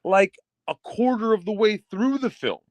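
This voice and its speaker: A man's voice: sits high, expressive, moderate pace, no echo. A man telling rambling stories on a casual podcast, swearing freely and acting out what people said. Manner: rambling storyteller, swears freely, acts out quotes. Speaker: podcast co-host. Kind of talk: casual chat.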